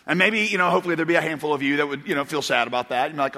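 A man's voice: on the high side, very fast, pushed and bright. A male pastor preaching a sermon, telling funny stories in a rambling, chuckling way. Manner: rambling storyteller, chuckles and restarts. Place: church auditorium. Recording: long reverb of a large hall.

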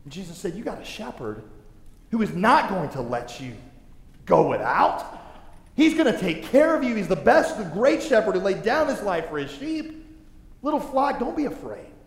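A man's voice: high voice, moderate pace. A man in his thirties preaching a sermon, telling funny stories and acting out voices. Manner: animated, humorous storytelling with acted-out voices. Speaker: pastor. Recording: echoey hall with long reverb.

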